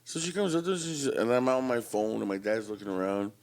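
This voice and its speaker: A man co-hosting a podcast, telling a family story in an animated, profane way. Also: lowish voice, fast. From Canada. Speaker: podcast co-host. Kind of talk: casual storytelling.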